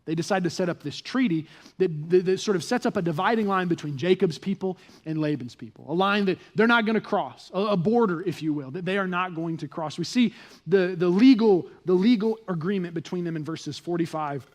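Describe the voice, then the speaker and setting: A young adult man preaching a sermon at a church, telling the story with animated delivery and acting out the people's voices. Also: on the high side. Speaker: pastor. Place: church stage.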